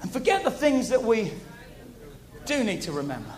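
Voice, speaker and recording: A man preaching a sermon to a congregation, animated, repeating key phrases and asking the audience questions. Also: high voice, normal speed, a faint crowd.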